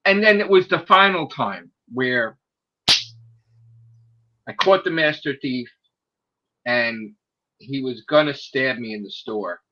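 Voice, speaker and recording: A man telling a story in casual chat, swearing a lot and acting out the people in it, sometimes shouting. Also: medium pitch, takes it slowly, pauses often, muffled recording. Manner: animated, profane, acts out quoted people in raised shouting voices.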